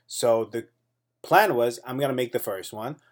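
A man hosting his own weekly comedy podcast, telling a childhood story in a lively, suspenseful way with self-deprecating jokes. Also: medium pitch, normal speed. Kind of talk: casual storytelling monologue.

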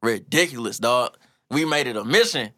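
A man in casual chat, telling stories in a relaxed, slangy way and laughing often. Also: medium pitch, normal speed, no echo, studio quality. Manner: laid-back slangy storytelling, laughs often.

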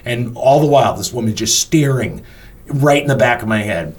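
Man telling a lively story. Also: medium pitch, normal speed. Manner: animated, casual, swears freely. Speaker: front of house manager. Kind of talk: personal storytelling.

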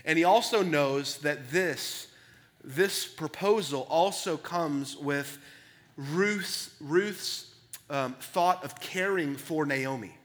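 A man preaching a sermon as a pastor. He is earnest, keeps checking in with "right?", and swings between hushed and loud, excited stretches. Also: a little high, slow pace. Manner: earnest, asks "right?" often.

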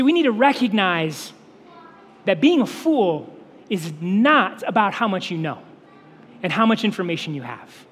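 Casting note: young male pastor, high voice, emphatic sermon delivery, big echoing sanctuary sound. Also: a bit bright, breathy edge. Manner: earnest, emphatic preaching with repetition. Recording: long hall reverb.

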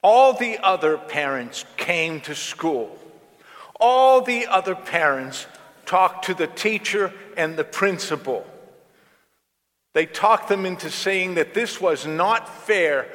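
A man's voice: fairly high pitch, slow pace, sharp tone. A man voicing an upset, indignant twelve-year-old girl during a sermon story, with her lines raised and accusing. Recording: long reverb of a church hall.

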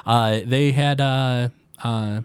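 A man voicing a formal male military commander, speaking in a measured, halting way. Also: medium pitch, fairly even intonation, clean tone, dry recording.

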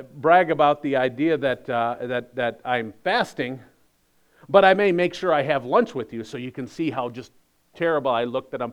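A man's voice: medium pitch, smooth. A man pastor giving a sermon in a conversational, emphatic way with wry humor.

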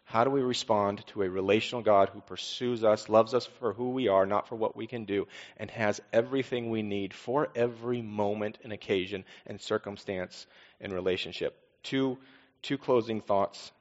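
Male pastor, low voice, conversational sermon with repeated refrains, dull recording with long hall reverb. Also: steady tone, moderate pace. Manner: conversational preaching with rhetorical questions and repeated refrains.

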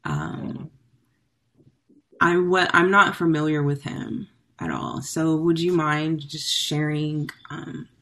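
A woman hosting a casual interview, relaxed and supportive, answering with short affirmations. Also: sits low, slow.

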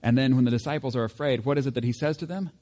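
Man, pastor, casual sermon delivery, light humor, mid-pitched voice. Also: fairly even intonation, very fast, mellow. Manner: conversational, self-correcting, with light humor.

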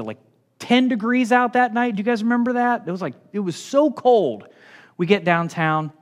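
High-voiced Midwestern preacher. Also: male voice. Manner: animated preaching, swings from hushed to shouting. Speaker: pastor. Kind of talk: sermon.

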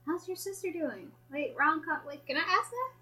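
A young woman from the United States co-hosting a casual chat, excitable and teasing, often laughing. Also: very high-pitched, moderate pace. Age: young adult.

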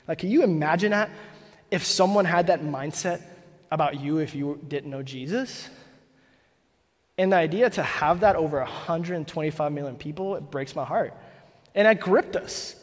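A man's voice: fairly high pitch, moderate pace. A young man preaching a sermon on stage in a casual, conversational way, full of "like", building to emphatic points. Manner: casual, fillers of "like", rising to emphatic. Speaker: preacher, church planter. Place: church stage. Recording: long hall reverb.

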